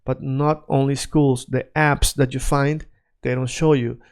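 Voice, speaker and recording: Male tutor, resonant even mid-pitch voice, keeps checking the learner follows. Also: a little slow, smooth. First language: Spanish. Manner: checks in often with "right?" and "okay?"; switches between Spanish examples and English glosses. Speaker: Spanish teacher. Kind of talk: casual explainer lesson.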